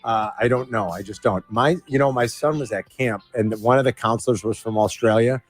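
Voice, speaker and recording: A man's voice: mid-range voice, brisk, soft background music. A man co-hosting a sports radio show, bantering playfully and trailing off into mumbles.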